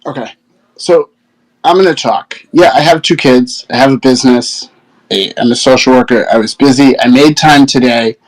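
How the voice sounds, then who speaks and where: A man who works as a social worker, answering criticism in a measured, defensive, halting way. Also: mid-range voice, rough recording. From Maine. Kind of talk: heated discussion.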